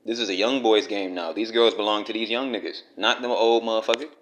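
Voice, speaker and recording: A man's voice: on the low side, steady tone, a little fast, background noise. Casting: man, blunt and profane, scolding his subject straight to camera in a vlog rant. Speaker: commentary vlogger.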